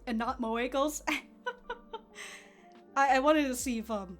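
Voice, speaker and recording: A woman giving casual, excitable commentary on an anime episode, swearing and laughing freely. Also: high-pitched, slow pace, soft background music.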